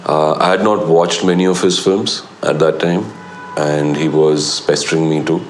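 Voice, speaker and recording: A man's voice: extremely low pitch, moderate pace, slight background noise. A middle-aged man, a film actor in a documentary interview, telling anecdotes and acting out what others said. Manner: animated storyteller who acts out quoted lines.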